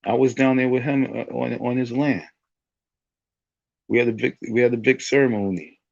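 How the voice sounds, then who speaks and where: A man's voice: mid-range voice, steady tone, moderate pace, gravelly, no echo, lo-fi sound. A man telling a rambling story in a casual monologue, often restarting his sentences. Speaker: online talk show host.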